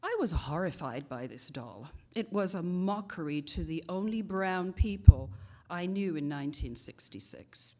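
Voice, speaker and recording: A woman in her sixties from England, giving a homily as a congregation member, telling a personal story in a slow, measured way. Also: fairly low pitch, lively intonation, warm tone. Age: 60s.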